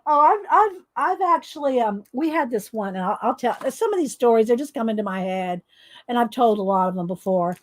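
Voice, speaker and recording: Coloring on camera, a middle-aged woman spins meandering stories punctuated by frequent laughter. She sounds a little high-pitched, animated, and fairly quick, with dry recording quality.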